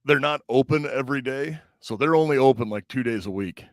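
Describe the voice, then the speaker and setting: A man's voice: mid-range voice, fairly quick, dry recording. Laid-back male podcast host, dry sound. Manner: relaxed and chatty, easy laughs. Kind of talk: casual podcast chat.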